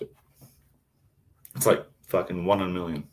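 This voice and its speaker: A man's voice: sits low, fairly even intonation, normal speed. A man chatting casually on a live stream, swearing constantly as he rambles about his knives and answers chat. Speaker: knifemaker streamer.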